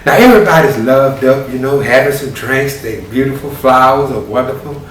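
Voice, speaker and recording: A man's voice: mid-range voice, moderate pace. A man telling a story in a folksy, conversational way, as a storyteller. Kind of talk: animated oral storytelling. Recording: roomy, distant, faint hiss.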